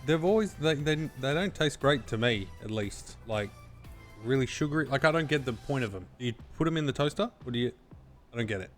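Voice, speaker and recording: A woman from Australia co-hosting a casual stream, giving blunt, relaxed opinions. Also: very deep voice, a little fast. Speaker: co-host. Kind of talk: casual chat. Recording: faint music in background.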